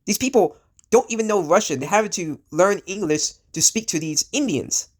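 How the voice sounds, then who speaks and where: A man's voice: high voice, animated, moderate pace. Sick man ranting with a raised voice. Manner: rambling, full of fillers and restarts, blunt and profane. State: sick, coughing. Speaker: vlogger. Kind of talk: casual ranting commentary.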